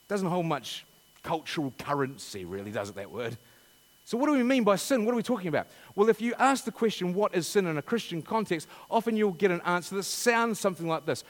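A man's voice: fairly high pitch, sing-song, moderate pace, long reverb tail. A man preaching a sermon, asking rhetorical questions and reading scripture dramatically.

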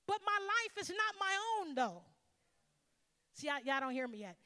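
A woman pastor delivering a sermon in a high, ringing voice. She is emphatic and storytelling, calling out to the congregation and pulling them into each point. Her tone is bright and forward. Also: sing-song, normal speed, pauses often, in a large hall. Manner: emphatic, call-and-response with the congregation.

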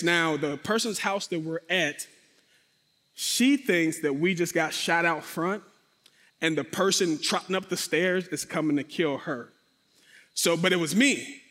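A man telling a dramatic personal testimony, speaking directly to his audience and acting out sound effects. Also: fairly high pitch. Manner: animated, acts out sound effects and quotes. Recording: long reverberant hall.

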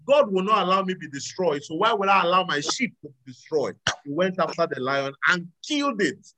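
Male preacher, high voice, animated, loud exclamations and soft asides, live sermon. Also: poor audio. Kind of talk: sermon with audience call-and-response.

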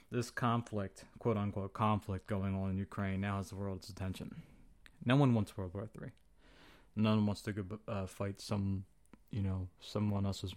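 In a casual opinion monologue, a young male podcast host talks with slang, swearing and flippancy, performing quotes as he goes. He has a lowish, slightly mellow voice.

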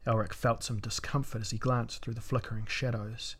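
A man narrating a fantasy battle story in a measured, dramatic audiobook reading. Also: mid-range voice, little pitch movement, fairly bright tone, slightly rough.

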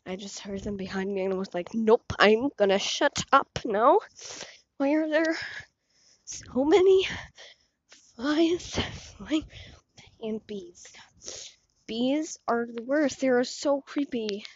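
Icelandic teen girl, kinda sick, sore throat, talks slow and high, rambly and cringing at herself, dull cheap earbud mic. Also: lively intonation, darkish tone, breathy edge. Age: teens. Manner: rambling, self-deprecating. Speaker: podcast host. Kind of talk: casual rambling monologue. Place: outdoors, walking along a street. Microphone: cheap earbud headphone mic.

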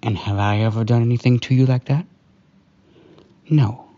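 A man doing a comforting partner role-play, talking softly and slowly in a hushed, soothing way. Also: medium pitch, steady tone, muffled recording. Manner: soft, hushed, soothing and slow. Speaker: storyteller.

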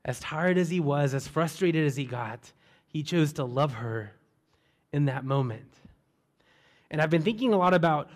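A man preaching a sermon, telling a story in a relaxed way and asking repeated rhetorical questions. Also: a little high, normal speed.

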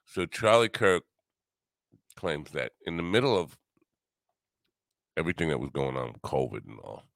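Gravelly deep-voiced New man, sarcastic. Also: very animated, moderate pace, a bit bright, dry recording, clean studio sound. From New York. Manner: rambling, wisecracking, sarcastic. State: tired. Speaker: podcast host. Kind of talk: casual solo podcast monologue.

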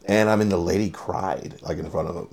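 A man with a very low, gravelly voice chatting on a podcast. He rambles through his stories, full of fillers and restarts. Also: steady tone, brisk, a little mellow. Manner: rambling, filler-heavy storytelling. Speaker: podcast co-host. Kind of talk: casual chat.

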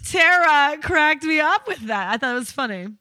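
Bright-voiced woman telling candid stories. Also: sits high, lively intonation, normal speed, no room sound, clean studio sound. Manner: candid, bawdy storytelling with frequent laughter. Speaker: podcast co-host. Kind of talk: casual chat.

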